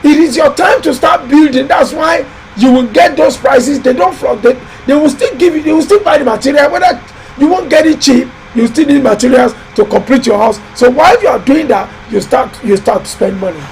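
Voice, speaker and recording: A man hosting a live building-advice show, talking in a loud, emphatic, exhorting way with lots of repetition. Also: very high-pitched, fairly quick, vocal fry, soft background music, low-quality recording. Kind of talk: live-stream motivational talk.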